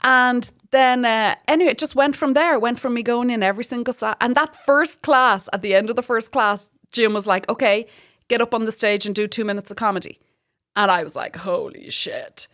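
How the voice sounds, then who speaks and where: A fairly high-pitched Irish woman, speaking a little fast, is a comedy guest in a laid-back conversation. Lively anecdotes, plenty of swearing, and frequent laughter mark her talk.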